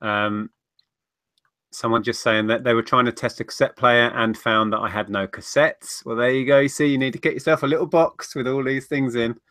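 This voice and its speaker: A man's voice: mid-range voice, fairly even intonation, normal speed, fairly bright tone, no room sound, clean studio sound. Chatty man on a livestream. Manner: chatty, rambling, answers viewer questions. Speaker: co-host of a reselling livestream. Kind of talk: casual livestream chat.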